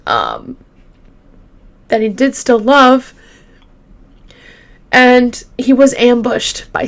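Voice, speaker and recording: A woman hosting a true crime show, retelling a case casually with halting fillers and restarts, openly shaken by the grim details. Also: a little high. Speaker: true crime podcast host.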